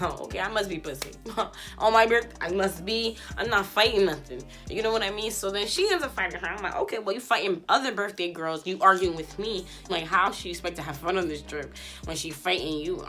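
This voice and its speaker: Blunt, profane woman with a bright voice. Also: lowish voice. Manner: animated, acts out both sides of the story. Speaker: YouTube host and stylist. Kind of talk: casual storytime rant.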